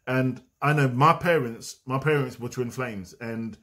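A man's voice: mid-range voice, measured pace, fairly bright tone. A man giving a casual, meandering spiritual talk to camera. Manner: meandering, conversational, drifting off on tangents. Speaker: spiritual vlogger.

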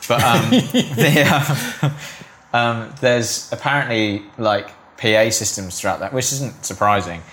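A man hosting a podcast in a casual conversation. He talks in a relaxed, loose way with many fillers. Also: medium pitch, slow pace. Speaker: podcast host.

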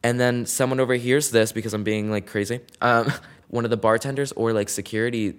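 A man's voice: mid-range voice, steady tone, a little fast, clean tone. A man hosting his own podcast, telling a story in a chatty, dramatic way with lots of slang and "like". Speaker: podcast host. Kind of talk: casual solo storytelling.

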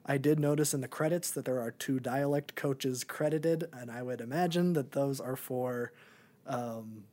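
A man's voice: medium pitch, darkish tone. A young man and podcast co-host in a casual movie review chat, rambling with many ums and likes.

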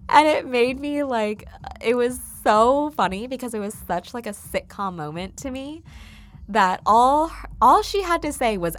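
A woman's voice: high voice, animated, moderate pace, faint music behind. A young woman hosting a casual solo podcast, chatty and full of ums as she tells stories. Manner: chatty and warm, many ums, laughs while telling stories. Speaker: podcast host.

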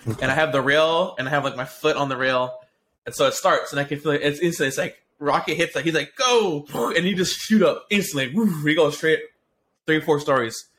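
With slight background noise, a man whose voice is on the high side co-hosts a casual podcast. Excitable and profane, he tells a drawn-out, rambling story peppered with swearing, restarts and fillers.

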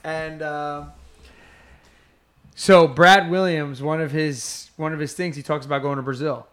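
Here a man with a slightly high, smooth voice chats at a moderate pace, telling a story packed with swearing. He's an animated, profane storyteller who acts out the quotes.

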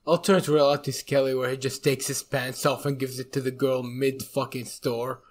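Flat-voiced man joking on a podcast. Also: mid-range voice, moderate pace. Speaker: podcast co-host. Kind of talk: casual podcast chat.

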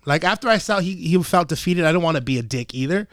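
Young male podcast host, swearing storyteller, slightly high voice, dry close sound. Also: brisk, few pauses, dry recording. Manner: profane, animated, acts out quotes. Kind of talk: casual storytelling chat.

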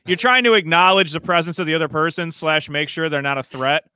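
Michigan guy, podcast co-host: crude, rambling storyteller, sharp bright voice, close dry mic. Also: fairly high pitch, quick pace, clear, resonant tone, dry recording. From Metro Detroit, Michigan. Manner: profane, rambling comic storyteller who acts out dialogue. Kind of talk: casual podcast chat.

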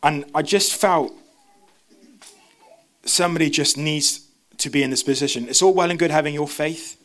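A young man, preaching a sermon in a church service as an animated storyteller who jumps into quoted voices. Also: on the high side, moderate pace.

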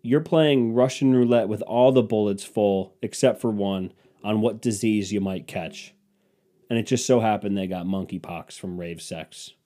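Speaking at a measured pace in a lowish, warm voice, this young podcast host from Cleveland, Ohio, delivers a comedic monologue. He's rambling, self-mocking and crude.

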